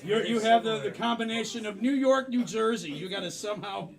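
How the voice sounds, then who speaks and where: A man hosting a live improv comedy show on a theater stage, loud and laughing as he sets up the games. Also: high voice, a little fast, vocal fry. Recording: crowd noise from a live audience. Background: audience laughter.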